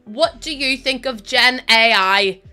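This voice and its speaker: A woman with a Northern Irish accent chatting fast with her stream audience, tired and laughing often. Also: a little high, bright, forceful tone, clean tone, faint music behind. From Northern Ireland. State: tired from lack of sleep. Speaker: live streamer. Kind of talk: casual chat with a stream audience.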